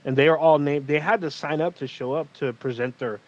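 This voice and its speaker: A man's voice: on the high side, fairly quick. A man recapping a TV episode in casual podcast chat, swearing often and acting out the characters' lines. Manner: animated, profane storytelling with acted quotes. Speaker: podcast co-host. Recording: muffled lo-fi audio.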